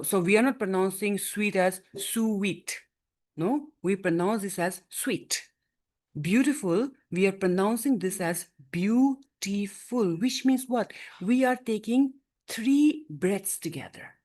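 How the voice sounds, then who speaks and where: A woman's voice: mid-range voice, lively intonation, measured pace, a little mellow. A woman teaching a grammar lesson in class, explaining patiently and often checking that students follow. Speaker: English teacher.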